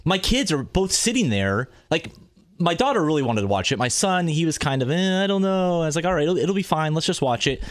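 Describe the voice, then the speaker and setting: A man, the show's producer, telling a story on air, animated and laughing as he goes. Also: a little high, brisk. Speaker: radio producer. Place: radio studio.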